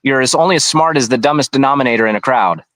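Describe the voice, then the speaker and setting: A man's voice: medium pitch, rapid-fire, a bit bright, no echo, poor audio. A man being interviewed, recounting events in a rambling, conversational way with frequent restarts. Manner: rambling, with many restarts and asides. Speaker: interview guest.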